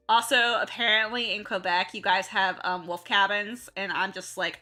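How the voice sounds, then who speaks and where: A woman's voice: medium pitch, fairly even intonation, normal speed, hardly any pauses, sharp tone, soft background music. A young woman with a Midwest-Southern American accent, chatting casually while she draws on stream, rambling and correcting herself as she goes. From southern United States. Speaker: art streamer. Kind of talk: casual chat while drawing.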